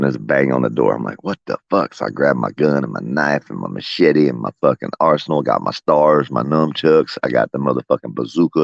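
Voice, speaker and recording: A man's voice: rumbling low, creaky, dry recording, lo-fi sound. A man, chatting casually from his porch and telling profane, folksy stories with plenty of laughter. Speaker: vlogger talking to his viewers and pets. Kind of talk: rambling casual porch chat. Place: outdoors on a home porch.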